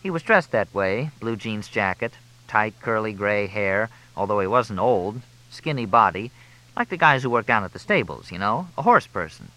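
A man's voice: on the low side, expressive, normal speed, sharp tone, rough recording. A man voicing a big, plain-spoken female masseuse who talks in a chatty, matter-of-fact way. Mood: uneasy.

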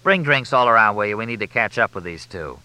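A man voicing a brisk, commanding newspaper owner who takes charge. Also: fairly low pitch, expressive, pushed and bright, smooth, no room sound.

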